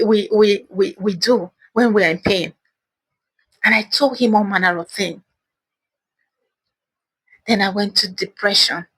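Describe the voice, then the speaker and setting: A woman's voice: medium pitch, fairly bright tone, husky, no room sound. A woman host telling her own story of losing a loved one in an earnest, emotional monologue, often repeating words as she speaks. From Africa. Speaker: channel host sharing personal story. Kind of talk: personal testimony monologue.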